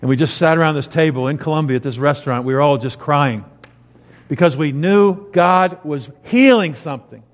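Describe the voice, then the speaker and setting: A man's voice: a little high, moderate pace. A man preaching a sermon as pastor, telling a personal story and rising into emphatic preaching. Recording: long hall reverb.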